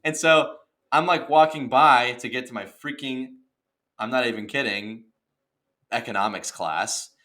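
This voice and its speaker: A young man co-hosting a podcast, telling a story in a casual, animated rant and saying "dude" and "okay" a lot. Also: medium pitch, unhurried. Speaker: podcast co-host. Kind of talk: casual chat.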